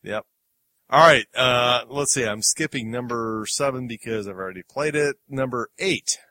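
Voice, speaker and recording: A man's voice: medium pitch, normal speed, bright, forceful tone, dry recording. A man hosting a film review podcast, chatting casually with fillers and laughs as he plays clips. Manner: rambling, chuckling, many fillers. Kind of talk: casual chat.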